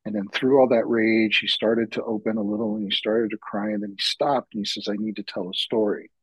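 Husky-voiced man, earnest and reflective. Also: medium pitch, very animated, no echo, rough recording. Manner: reflective, heartfelt, slow-building. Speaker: podcast guest, men's retreat facilitator. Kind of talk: earnest personal storytelling.

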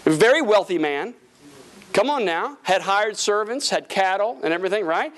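High-voiced man preaching a lively sermon. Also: normal speed. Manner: lively preaching with call-and-response; folksy, humorous asides. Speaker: pastor. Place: church service with congregation.

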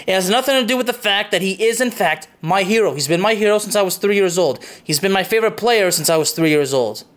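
A man's voice: high voice, lively intonation, fast talker, a bit bright. A young man hosting his own soccer show, delivering an impassioned opinion monologue, emphatic and repetitive, stopping for "okay?" and swearing.

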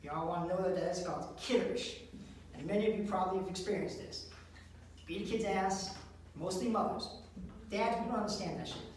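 A man performing a stand-up comedy set, telling stories with an animated delivery and acted voices. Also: high voice, brisk, a little hiss or hum. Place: live comedy venue. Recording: echoey room, distant mic.

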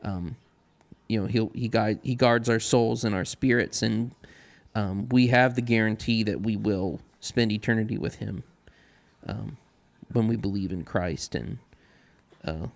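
A man in casual religious discussion, speaking earnestly and pausing often with fillers. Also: lowish voice, creaky. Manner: earnest, halting with many ums.

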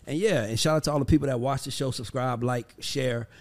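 A man hosting a casual podcast, telling animated stories and acting out quotes. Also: medium pitch, fairly quick. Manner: animated storyteller, acts out quotes. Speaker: podcast host. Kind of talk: casual chat.

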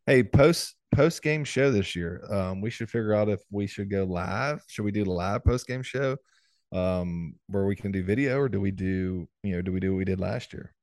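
A man's voice: lowish voice, moderate pace, darkish tone, no echo, clean studio sound. A man, co-hosting a casual sports podcast, laid-back, laughing often and trailing off. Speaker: podcast co-host, former football player.

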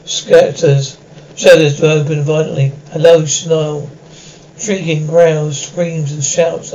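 A man narrating, reading out descriptions of sounds in a flat listing manner. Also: on the high side, slow pace, dull audio, slight background noise.

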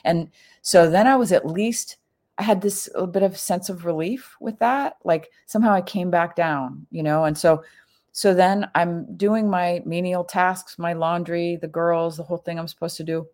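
Chatty middle-aged woman, low voice. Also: normal speed, a little mellow. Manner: chatty, full of "like" fillers, acts out quoted lines with big pitch jumps. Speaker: storyteller. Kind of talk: casual personal storytelling.

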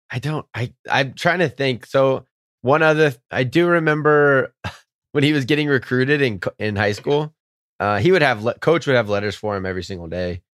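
A man appearing as a guest on a podcast, telling stories casually in a hesitant, halting way with many restarts. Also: medium pitch, fairly bright tone, no echo, studio quality. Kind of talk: casual storytelling.

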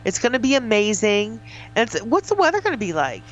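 A woman co-hosting a morning radio show, chatting casually and teasing with quick interjections. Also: a little high, very animated, lo-fi sound. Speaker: radio co-host. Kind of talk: casual on-air chat. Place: radio studio.

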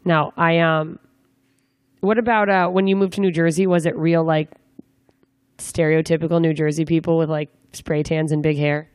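A woman's voice: deep voice, little pitch movement, normal speed, a little mellow, no room sound, clean studio sound. A young woman interviewing a guest in a casual chat, asking rambling, joking questions with lots of fillers. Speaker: interviewer, comedian.

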